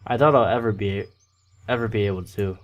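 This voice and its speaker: A man's voice: on the low side, brisk. Man, let's play host, casual, self-deprecating, reads game text aloud, stumbles on words. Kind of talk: reading a visual novel aloud.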